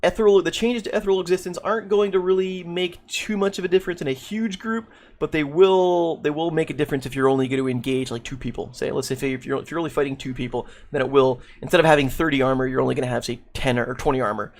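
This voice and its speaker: A man's voice: fairly high pitch, steady tone, fast talker. A man casually reading and reacting to game patch notes, thinking aloud with many restarts, saying he is losing his voice. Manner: thinking aloud with frequent restarts and repeated words. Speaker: gaming video creator.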